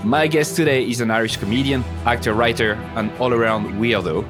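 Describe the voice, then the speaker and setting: A podcast host with a French accent introduces his guest in an upbeat, wry way and drops the odd swear word. Music plays clearly underneath. His voice is at a middle pitch. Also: fairly even intonation, a little fast. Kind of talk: podcast interview.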